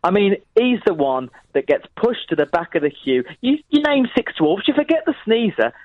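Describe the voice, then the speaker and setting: A man's voice: sits high, sing-song, moderate pace, no echo, narrow, tinny audio. A man playing a ranting, outraged pundit. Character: indignant, ranting male radio pundit. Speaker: guest. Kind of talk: comic radio phone-in sketch.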